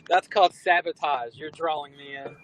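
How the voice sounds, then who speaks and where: A man in his thirties joining a chat by phone from a car, talking in an animated, jokey, rambling way. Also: fairly high pitch, moderate pace, low-quality recording. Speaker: guest. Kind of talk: casual chat. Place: in a moving car. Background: road noise.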